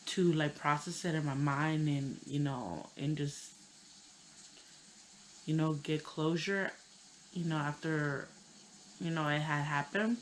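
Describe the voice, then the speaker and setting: Low voice lady in her 30s, teary, halting, lots of "you know", faint hum behind. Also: poor audio. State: tearful. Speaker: vlogger. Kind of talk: personal storytelling.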